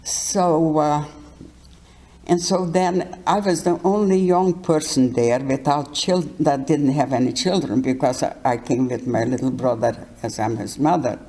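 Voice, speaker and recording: An older woman giving her life testimony in an interview, speaking haltingly and often restarting words. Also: sits low, mellow. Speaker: Holocaust survivor interviewee.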